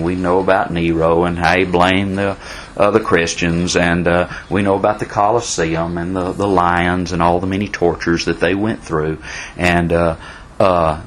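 Deep-voiced man teaching Bible class. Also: a little hiss or hum, rough recording. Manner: folksy, repeats himself, answers questions from the class. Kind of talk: Bible study lesson.

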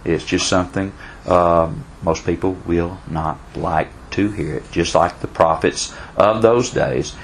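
A man's voice: low-pitched, a little slow, hardly any pauses, slight background noise, low-quality recording. A man teaching a Bible study class in a folksy way, repeating himself and answering questions from the class.

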